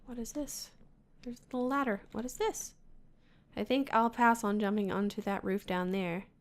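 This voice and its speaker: A woman's voice: fairly high pitch, steady tone, normal speed. A woman casually commenting as she plays a video game, muttering to herself and reading game text aloud. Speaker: let's-play gamer.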